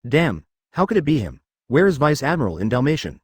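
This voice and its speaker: A man's voice: medium pitch, sing-song, fairly quick, slightly rough, dry recording, clean studio sound. A man voicing a hot-headed male navy admiral who speaks angrily, in a story reading. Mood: angry. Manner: angry, roaring.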